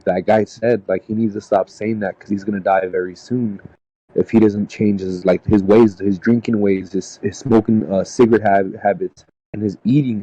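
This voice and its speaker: A man telling a personal story in casual podcast talk, halting and rambling with lots of "dude" and "man". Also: lowish voice, warm tone, dry recording, highs cut off. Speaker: podcast panelist. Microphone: podcast mic.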